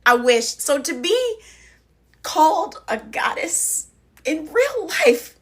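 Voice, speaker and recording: A woman chatting to camera in an animated, playful way, acting out what people say to her. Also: high-pitched, takes it slowly. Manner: animated, playful, acts out quotes. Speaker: social media commentator. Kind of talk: casual chat to camera.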